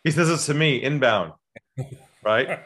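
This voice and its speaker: A man's voice: mid-range voice, unhurried. A man talking as a sales coach on a podcast, telling stories and acting out phone calls in changed voices. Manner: animated storyteller, acts out calls in changed voices. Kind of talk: podcast conversation.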